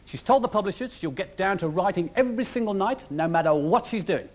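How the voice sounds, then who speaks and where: A man doing an animated, mocking stand-up monologue before a live audience. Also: high-pitched, quick pace, slight background noise. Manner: animated, mocking, shouts punchlines. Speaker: comedian. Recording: dull broadcast recording, loud audience.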